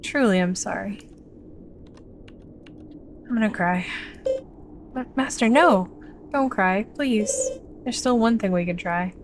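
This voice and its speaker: A woman's voice: mid-range voice, slow, pauses often, noisy background. Woman doing a devoted anxious beast servant. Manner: pleading, earnest.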